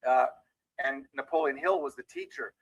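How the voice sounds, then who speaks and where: A man's voice: medium pitch, normal speed, no room sound, poor audio. A man giving a motivational training talk as a mindset trainer, telling a story and speaking directly to his listeners.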